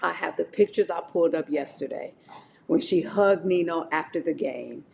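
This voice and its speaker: On a live stream, a middle-aged woman delivers a lively, preachy motivational talk about faith, addressing her chat directly. Her voice is low-pitched with vocal fry, her pace is normal, and there's a faint hiss or hum.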